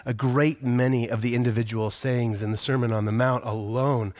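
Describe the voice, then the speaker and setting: A middle-aged man preaching a sermon in a conversational way, dropping to hushed whispers on key phrases. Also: mid-range voice, little pitch movement, moderate pace, dry recording. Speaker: pastor.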